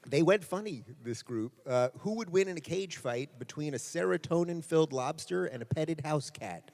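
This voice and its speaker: A man's voice: a little high, lively intonation, moderate pace, vocal fry, a little mellow. A man moderating a live stage Q&A, playfully reading out questions from the audience.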